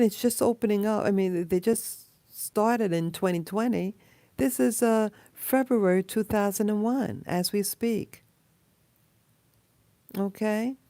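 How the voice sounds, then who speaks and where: A woman speaks in an unhurried, rambling monologue, low in pitch and mellow in tone. She trails off often, restarting phrases and filling gaps with ums and uhs. The sound is dry and close. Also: smooth, dry recording. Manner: rambling, halting with many fillers and restarts. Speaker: video blogger. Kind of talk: casual monologue to camera.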